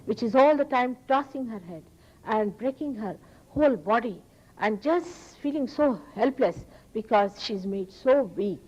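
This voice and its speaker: A woman giving a public spiritual talk, earnest and emphatic, often rising sharply in pitch. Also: a little mellow, poor audio. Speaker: spiritual teacher. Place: public hall.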